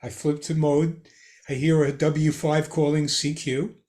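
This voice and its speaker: An older man, a guest on a hobby podcast, tells casual anecdotes with an animated, chuckling delivery. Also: on the high side, a little slow. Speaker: guest ham radio expert. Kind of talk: casual storytelling in a podcast chat.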